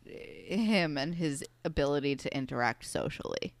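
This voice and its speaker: A woman's voice: low-pitched, animated, a little slow, no echo. A young woman co-hosting a casual chat, talking loosely with lots of "like" and quoting characters. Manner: chatty, many "like"s and fillers, quotes characters. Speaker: podcast co-host.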